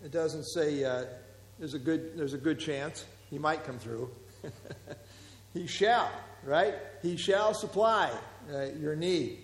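Leading a Bible class at an unhurried pace, a man works through the text and quizzes his listeners, dropping in lots of small fillers. His voice sits a little high for a man, and the roomy sound leaves a long reverb trailing after each phrase.

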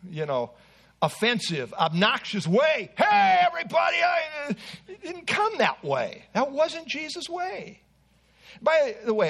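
High-voiced man preaching a sermon. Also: fairly bright tone, husky. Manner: earnest expository preaching with asides.

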